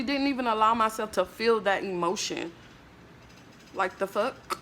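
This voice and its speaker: A woman's voice: medium pitch, measured pace, fairly bright tone, slight background noise. A woman vlogger in an emotional monologue to camera, ranting in a blunt, emphatic, profane way and leaning on fillers like "like, bruh".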